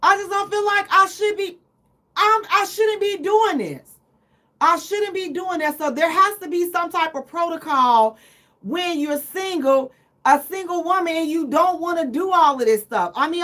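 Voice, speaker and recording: A woman's voice: high-pitched, a bit bright. A middle-aged woman hosting a live radio talk show, telling teasing, self-mocking stories in a casual chat.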